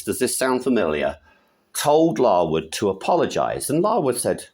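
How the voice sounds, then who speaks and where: Male British commentator, angry rant, emphatic with muttered asides, very animated delivery. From Britain. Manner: indignant, emphatic, with sudden pitch jumps and quick muttered asides. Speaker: video commentator. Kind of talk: angry opinion rant to camera.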